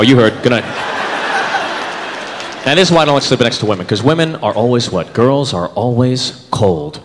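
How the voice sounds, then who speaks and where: On a comedy club stage, a man in his 30s delivers a routine at normal speed, pausing often, his pitch sitting in the middle range. He acts out characters with put-on voices and plenty of animation. Audience laughter and crowd noise fill the live hall recording.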